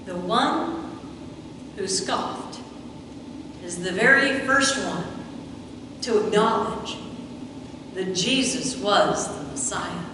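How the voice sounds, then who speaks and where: A woman's voice: mid-range voice, slow pace, pauses often, noisy background. A woman preaching a sermon, retelling scripture and acting out the quoted lines as she goes. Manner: storytelling, acts out quoted lines. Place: church sanctuary. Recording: echoey hall from far off.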